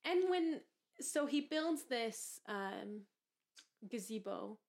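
A woman's voice: a little high, animated, slow, darkish tone. A woman co-hosting a casual chat, playfully reading out movie trivia and laughing along. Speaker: podcast co-host.

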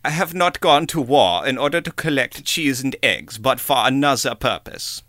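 A man's voice: medium pitch, animated, moderate pace, sharp tone, no echo, studio quality. A man putting on a mock German accent, whispering a stern young German officer.

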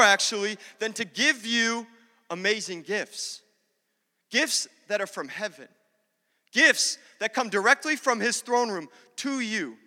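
A man's voice: high-pitched, pushed and bright, big-room sound. A man preaching a sermon in a church, telling a funny personal story and talking straight to the congregation. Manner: humorous, talks directly to the congregation. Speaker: pastor.

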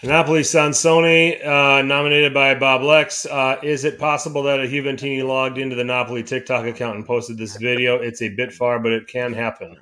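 A man co-hosting a casual soccer podcast, relaxed and a little worn out as he wraps up with plugs. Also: medium pitch, moderate pace, few pauses. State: tired. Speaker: podcast co-host. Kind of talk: casual sports podcast chat.

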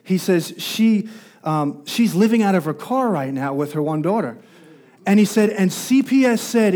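A man's voice: high voice, lively intonation, normal speed, a little mellow. A man preaching a sermon as pastor, telling a story and growing more intense as it builds. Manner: storytelling, rising intensity at climaxes.

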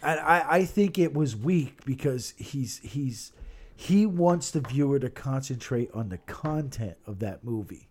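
A man co-hosting a podcast, talking casually with a constant stream of swearing and bursts of loud laughter. His pitch leaps and swoops as he gets worked up over things. He is recorded close on a podcast microphone. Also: a little slow. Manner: profane, excitable, laughs loudly. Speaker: podcast co-host. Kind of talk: casual chat.

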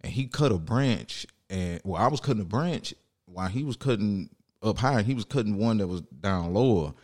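Casting: young man, lively up-and-down voice, animated anecdotes. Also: on the low side, moderate pace. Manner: animated storyteller, acts out quotes. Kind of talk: casual chat, storytelling.

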